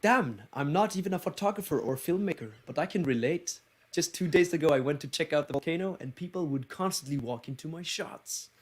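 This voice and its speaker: Guy doing a icelandic accent reading a comment, a bit higher and peppy. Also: animated, fairly quick, few pauses. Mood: amused.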